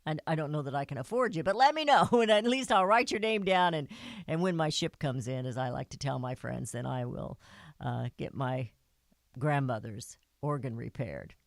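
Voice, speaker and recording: A woman's voice: extremely low pitch, expressive, moderate pace, creaky, no room sound. A woman hosting a talk radio show, speaking in an earnest, folksy manner into a studio microphone.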